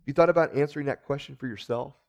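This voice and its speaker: A man's voice: mid-range voice, fast, gravelly. A man giving a conversational sermon as pastor, earnest, often repeating words and checking in with listeners.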